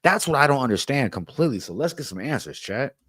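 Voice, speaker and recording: A man's voice: mid-range voice, very animated, quick pace, fairly bright tone, slightly rough, no room sound, studio quality. A man hosting a livestream interview, earnest and talking to both his guest and his chat. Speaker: host.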